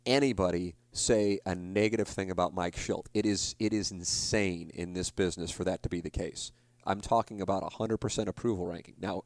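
A man's voice: on the low side, a little mellow, no room sound. A man in his forties, a podcast host, telling a rambling, self-deprecating story in a casual monologue. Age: 40s.

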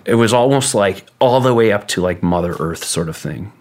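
A man telling a long personal story in a casual, halting way, full of "like" fillers and swearing. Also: on the low side, expressive, darkish tone. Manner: rambling, halting, heavy with "like" and swearing.

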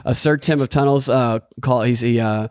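A man's voice: mid-range voice, fairly even intonation, normal speed, a little mellow, smooth, dry recording, clean studio sound. A man hosting a casual podcast, wry and rambling as he reads out viewer comments. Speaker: podcast host.

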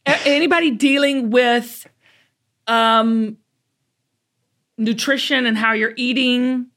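A middle-aged Southern woman with a Southern American accent, hosting a talk show in chatty, animated storytelling. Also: fairly high pitch, slow pace. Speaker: host. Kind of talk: casual chat.

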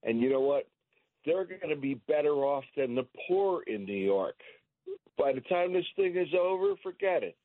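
A man's voice: on the high side, expressive, normal speed, no room sound. Guy from pennsylvania calling in, amused and agreeing, dry tinny phone line. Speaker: caller. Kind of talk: call-in radio chat.

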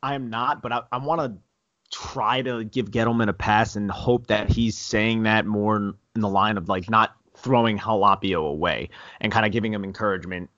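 A man with a very low voice talks through his view calmly and conversationally on a podcast. The sound is dry and close, with a slightly dull, muffled tone. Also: moderate pace, no echo. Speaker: podcast co-host. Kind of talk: casual sports podcast talk.

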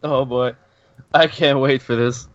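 A man's voice: medium pitch, fairly even intonation, a little slow, a little hiss or hum. Joking man on a muffled podcast. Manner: joking, exaggerated complaints. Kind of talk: casual game night banter.

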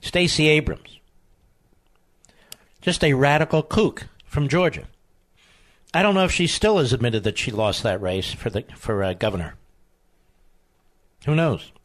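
A man hosting a political talk radio show, combative and emphatic, with sudden high outbursts. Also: unhurried, pauses often.

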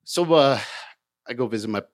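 A man's voice: medium pitch, lively intonation. Rambling, profane comic storyteller man. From Hollywood, Florida, USA. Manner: rambling, profane and self-mocking, with halting restarts. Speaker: comedian storyteller. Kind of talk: live personal storytelling.

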